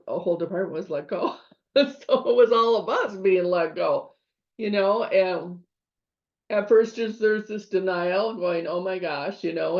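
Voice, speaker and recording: A middle-aged woman instructor talks through a lesson in a chatty way, acting out her own thoughts as she goes. Her voice has a gravelly edge. The recording sounds a little dull and lo-fi. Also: lowish voice. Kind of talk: lecture with personal story. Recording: slightly dull lo-fi audio.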